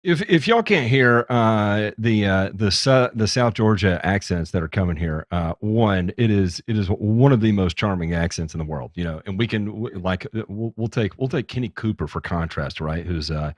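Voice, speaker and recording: Low-voiced teasing male host. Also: lively intonation, normal speed, hardly any pauses, no room sound. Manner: joking, teasing, swears freely. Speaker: podcast host. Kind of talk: casual chat.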